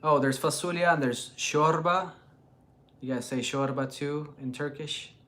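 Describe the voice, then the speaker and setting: A man's voice: on the high side, a little slow, fairly bright tone. A man from Jordan and Palestine hosting a casual Quran talk, thinking aloud with many fillers and restarts. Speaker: religious channel host. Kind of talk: casual live chat and Quran commentary.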